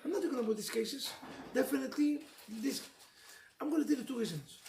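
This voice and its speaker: A rabbi with a high-pitched, gravelly male voice gives an animated sermon to a live audience at a fairly quick pace. He tells stories with emotion, mixes in Hebrew phrases and jokes with listeners, in an echoey room with faint noise.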